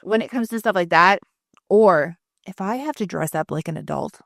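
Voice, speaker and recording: A woman's voice: lowish voice, expressive, moderate pace, gravelly, fairly bright tone, dry recording, studio quality. A woman co-hosting a podcast, telling rambling everyday stories in casual chat and swearing freely. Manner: swears often, rambling storytelling. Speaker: podcast co-host.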